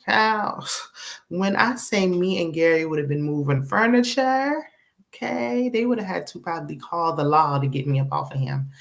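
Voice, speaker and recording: A woman hosting a casual TV episode recap, sassy and animated, acting out the characters' lines. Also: lowish voice, normal speed, gravelly. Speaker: TV recap host.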